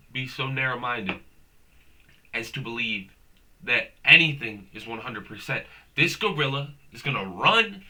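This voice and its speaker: Young man, comedic host, profane rambling rant, very bright tense tone, middle pitch. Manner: profane, rambling, slangy, says "bro" a lot.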